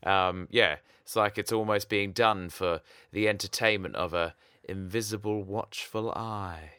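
Bright, crisp-voiced man bantering. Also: lowish voice, unhurried, no echo, clean studio sound. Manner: joking, banter-heavy, hesitant fillers. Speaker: podcast co-host. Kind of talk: casual chat.

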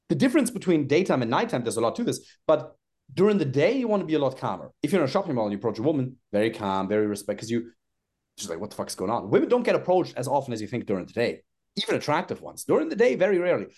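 Speaking fast in a slightly mellow voice with wildly swooping pitch, a dating coach guest on a podcast uses big pitch swings for emphasis. He's blunt and foul-mouthed, acting out quoted lines throughout the animated interview.

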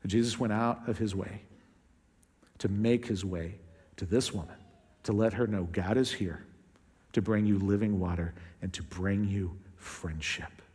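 A male pastor gives a sermon in a church sanctuary, and his voice rings with long reverb from the hall. He talks conversationally and acts out quotes, pitching them up or down and speeding up or slowing down as he goes. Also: fairly even intonation, darkish tone, slightly rough.

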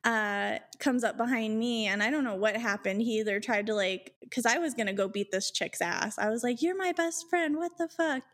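Animated woman telling a wild story. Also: normal speed, hardly any pauses. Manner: animated, acts out quotes in higher voices; swears freely. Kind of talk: casual storytelling.

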